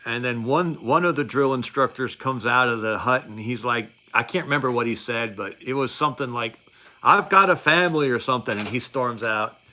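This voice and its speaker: A man's voice: mid-range voice, brisk, few pauses, pushed and bright, slight background noise. A middle-aged man telling a story in a casual, rambling, wry way, with many fillers and restarts.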